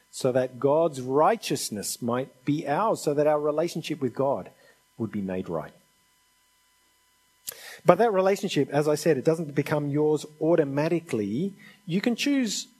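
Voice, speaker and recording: Man, preacher, sermon, earnest pleading delivery, husky voice, mid-range pitch. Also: darkish tone, low-quality recording. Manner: earnest, pleading, conversational asides.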